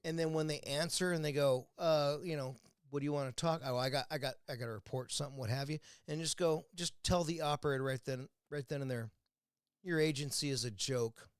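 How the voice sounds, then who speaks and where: A man's voice: on the high side, steady tone, quick pace, clear, resonant tone, dry recording, clean studio sound. A man from the United States delivers a blunt, profane political rant at home over a beer. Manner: angry, blunt, swears constantly. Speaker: vlogger. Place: indoors at home, drinking a beer.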